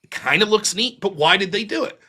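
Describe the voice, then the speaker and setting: A young man hosts a call-in show with a high, bright voice that jumps all over the place. He tells stories in a profane, animated way, slipping into mocking voices for the people he quotes. His delivery stays lively and full of swearing. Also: fairly quick. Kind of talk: casual call-in chat.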